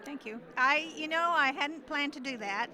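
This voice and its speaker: A woman's voice: high-pitched, normal speed, bright, forceful tone. A woman in her sixties chatting at a class reunion, gracious and talkative. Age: 60s. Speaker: reunion guest.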